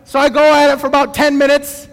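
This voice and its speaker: A middle-aged male pastor delivers a sermon with a very high voice. He talks in an easygoing, conversational way and pokes fun at himself. His voice rings with the long reverb of a large hall. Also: monotone, quick pace. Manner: conversational storytelling with self-deprecating humor.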